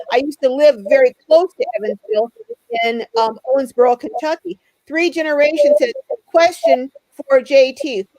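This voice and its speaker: A woman's voice: high-pitched, no room sound, rough recording. A woman hosting a live stream, chatting and greeting viewers by name as she reads out their comments.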